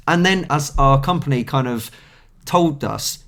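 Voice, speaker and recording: A man's voice: on the high side, a little slow. A young man with a southern English accent, co-hosting a casual podcast chat and telling stories with acted-out quotes. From England. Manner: animated storyteller who acts out quotes. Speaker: podcast co-host.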